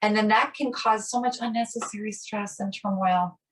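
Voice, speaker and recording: A middle-aged woman co-hosts a relaxed conversation, telling stories about her own life in an animated way and slipping into the voices of the people she quotes. Her pitch sits in a middle range. She is recorded a little way back from the microphone, so she sounds slightly distant. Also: moderate pace. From Italian American. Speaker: podcast co-host. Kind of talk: casual conversation. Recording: voice a bit distant from the mic.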